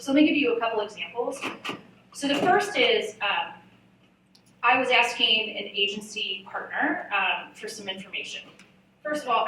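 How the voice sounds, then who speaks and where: A woman speaking on a conference panel, telling frank, lively stories and poking fun at herself. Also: mid-range voice, slight background noise. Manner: candid, lively storytelling with self-mocking asides. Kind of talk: live panel talk at a marketing summit. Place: large event hall. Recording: echoey hall, voice from far off.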